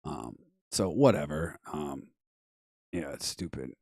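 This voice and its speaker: A man with a very deep voice runs a casual live-stream show, rambling through viewer comments in an offhand way. His voice is going hoarse. The sound is dry and close, with no room echo. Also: expressive, takes it slowly, a little mellow. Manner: rambling, offhand, many fillers and trailing asides. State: losing his voice.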